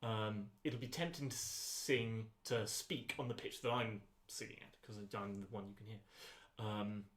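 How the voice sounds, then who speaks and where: A man leading a choir rehearsal voice lesson, giving calm, unhurried instructions with frequent ums. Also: mid-range voice. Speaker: choir voice teacher. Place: rehearsal room. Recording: echoey rehearsal room.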